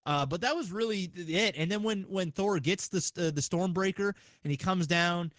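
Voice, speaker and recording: A man hosting a podcast, chatting casually in an excitable, profane way with lots of restarts. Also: high-pitched, normal speed, no room sound. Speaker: podcast host.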